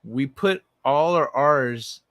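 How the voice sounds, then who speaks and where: A man's voice: medium pitch, animated, takes it slowly, a bit bright, no echo. Brief: male streamer, easygoing and joking, drawling pace, close dry sound. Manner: playful, profane, laughs often. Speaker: livestream host. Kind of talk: casual chat.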